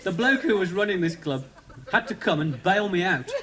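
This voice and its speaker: A man's voice: sits high, lively intonation, normal speed, very noisy. A man with a Birmingham accent telling a rambling stand-up story with lots of asides. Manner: rambling, chatty, full of asides. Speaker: stand-up comedian. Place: TV studio before live audience. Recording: 1970s TV studio with audience laughter.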